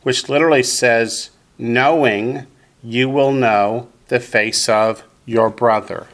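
Man teaching a slow, deliberate lesson. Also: medium pitch, steady tone, fairly bright tone. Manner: slow, deliberate explanations, leads group repetition. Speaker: Hebrew teacher. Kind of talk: classroom lesson with call-and-response.

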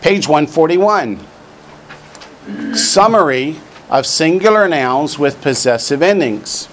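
A man leads a classroom grammar lesson, reading from the textbook and drilling each word aloud. He speaks slowly and carefully, with a dry sense of humor in his asides. A faint hum of room noise sits underneath. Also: on the high side, animated. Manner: dry joking asides between drilled words. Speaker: Hebrew teacher.

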